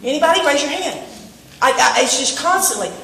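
A woman preaching a sermon to her congregation, animated and asking them questions. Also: high-pitched, fairly quick. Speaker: pastor. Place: church sanctuary. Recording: echoey room, voice from a distance.

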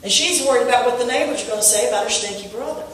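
A woman preaching a sermon in church, telling a story and rising to shouts on key points. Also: fairly high pitch, rapid-fire, crowd noise. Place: church sanctuary. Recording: echoey room from far off.

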